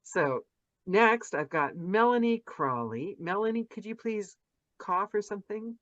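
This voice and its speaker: A woman's voice: mid-range voice, lively intonation, measured pace, a bit bright, no echo. A woman hosting a casual interview over a video call, chatty and effusive, gushing and restarting her sentences. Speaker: podcast host interviewing narrators. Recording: dull lo-fi video call audio.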